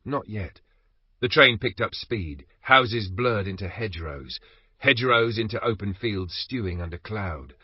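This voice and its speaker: A man narrating an audiobook in a steady, measured reading. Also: fairly low pitch, husky, no echo. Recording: dry, slightly dull recording.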